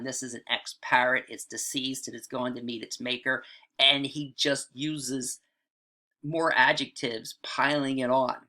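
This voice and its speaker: A man's voice: mid-range voice, sharp tone. A man teaching rhetorical devices in a casual lecture, chatty and often checking in with "right?" and "all right". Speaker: writing teacher.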